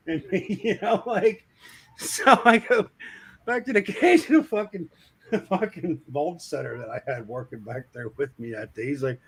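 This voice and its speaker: A man telling a crude work story in casual chat, acting out the shouting of his coworkers. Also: high voice, unhurried, slightly rough. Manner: animated, acts out shouting coworkers.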